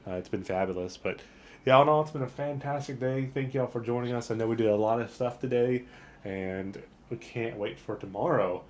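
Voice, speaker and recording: A man's voice: mid-range voice, a little fast, a little mellow. Upbeat man vlogging his travels outdoors. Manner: enthusiastic and upbeat, with frequent superlatives. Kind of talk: casual travel vlog narration. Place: outdoors in a port town.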